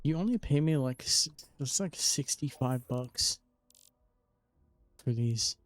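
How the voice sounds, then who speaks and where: Young male let's-player; easygoing, teasing, mid-pitched voice. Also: lively intonation, slow pace, no echo. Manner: jokey, teasing game characters. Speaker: gaming streamer. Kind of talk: casual let's play commentary.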